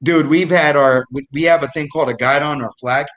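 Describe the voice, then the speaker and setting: A man's voice: fairly high pitch, steady tone, fairly quick, fairly bright tone. A young man telling a loose, profane story about his military days on a live comedy show, with frequent restarts. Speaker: guest storyteller, former military supply.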